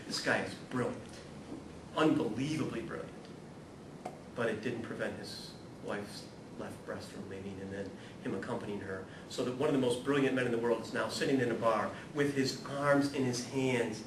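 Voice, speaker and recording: A man gives a lively, self-mocking talk to an audience and shifts into reading passages aloud. His voice carries through a reverberant room, picked up from some distance. A low rumble of noise sits underneath. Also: moderate pace. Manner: animated, self-deprecating storyteller, laughs often. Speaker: speaker at a ministry talk series. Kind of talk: humorous spiritual talk with read-aloud passages.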